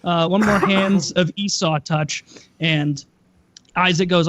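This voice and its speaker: A man's voice: sits high, steady tone, slow pace, background noise. A man on a podcast, retelling a story casually with crude jokes. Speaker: podcast co-host.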